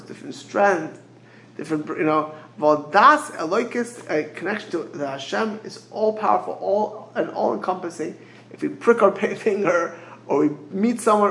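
A man's voice: high voice, gravelly, fairly bright tone, roomy sound, slight background noise, rough recording. A man teaching as a rabbi in a Torah lecture, mixing Hebrew phrases into English and often repeating words as he searches for the next one.

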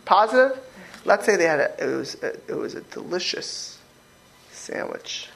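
A man's voice: sits high, big pitch swings, moderate pace, gravelly, a bit bright, low-quality recording. A man teaching a religious class as a rabbi, talking informally, repeating words and acting out quoted speech as he questions his listeners.

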